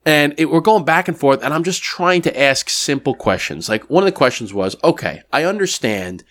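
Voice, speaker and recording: A man's voice: on the high side, normal speed, no room sound. Dry-sounding man telling a story. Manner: animated storytelling, acting out both sides of a phone call. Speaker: podcast co-host. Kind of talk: casual chat.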